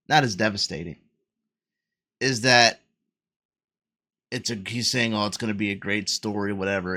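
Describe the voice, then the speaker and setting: A man's voice: fairly low pitch, sharp tone. A man hosting a reaction video, talking casually and emphatically, with frequent swearing. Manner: emphatic, exclaiming, swears often.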